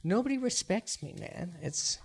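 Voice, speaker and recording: A man hosting a podcast in casual banter, with a nasal voice and a jokey, excitable manner. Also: high voice, normal speed, gravelly, breathy edge. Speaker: podcast host. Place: small studio den with live audience.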